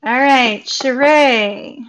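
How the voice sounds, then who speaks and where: Effusive woman reading tarot, slightly high. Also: extremely slow, a bit bright. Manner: effusive, upbeat, chatty with frequent laughs. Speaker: tarot reader. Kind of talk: live tarot reading for viewers. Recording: dull lo-fi recording.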